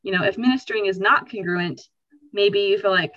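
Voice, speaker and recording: A woman hosting a podcast, explaining ideas in a lively, conversational way and acting out what people might feel. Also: medium pitch, a little fast, lo-fi sound. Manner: animated, acts out quoted feelings. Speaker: podcast host.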